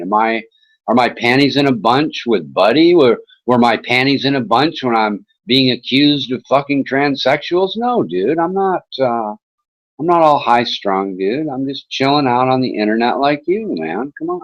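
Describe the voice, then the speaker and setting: A man's voice: mid-range voice, very animated, moderate pace, dull audio. A man hosting an internet talk show, chatting in a casual, rambling way with mocking sarcasm and swearing.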